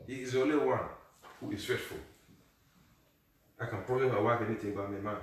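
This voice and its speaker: A male pastor preaching a sermon, moving between low, quiet passages and shouted high calls, often asking the congregation if they are hearing him. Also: fairly even intonation, fairly quick, pauses often. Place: church. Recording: echoey room, mic far off.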